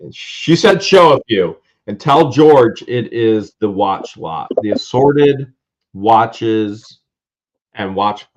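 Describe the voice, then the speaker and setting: A man hosting a live-stream auction, loudly calling out lots and prices with excitement. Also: fairly low pitch, muffled recording. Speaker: livestream auction host.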